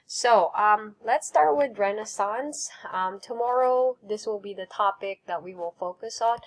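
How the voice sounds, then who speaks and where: A woman teacher giving a vocabulary lesson, enunciating each word carefully and explaining terms simply with gentle praise. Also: medium pitch. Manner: slow, careful enunciation with repeat-after-me drills.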